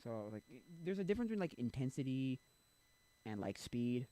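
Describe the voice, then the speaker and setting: A man chatting casually on a live stream at an ordinary middle pitch. He rambles, thinks out loud, and fills gaps with "like" and restarts. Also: very animated, brisk. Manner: rambling, filler-heavy, thinking aloud. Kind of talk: casual chat.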